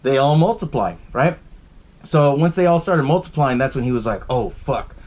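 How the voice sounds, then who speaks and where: A man's voice: fairly high pitch, expressive, normal speed, a little mellow. A man hosting a podcast, casually recapping a movie, swearing often and laughing along. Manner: profane and laughing, lots of fillers. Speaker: podcast host.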